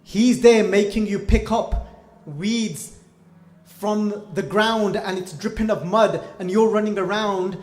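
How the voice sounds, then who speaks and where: High-voiced man preaching in an echoey hall. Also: slow. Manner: animated storytelling, acting out quoted lines. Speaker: Gurmat class teacher. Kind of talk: storytelling sermon.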